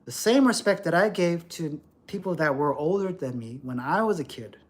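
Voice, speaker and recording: A middle-aged man rants on a livestream, lecturing and cursing as he goes. His voice swings widely up and down, with a lively, animated delivery. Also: on the high side, moderate pace. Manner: ranting, profane, lecturing. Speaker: livestream host. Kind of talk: livestream rant.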